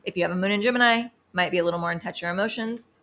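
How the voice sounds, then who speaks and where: A woman's voice: on the low side, rapid-fire, a bit bright, a little hiss or hum. A woman hosting a weekly astrology and tarot forecast, talking in a chatty, enthusiastic, digressive way. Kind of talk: casual forecast talk.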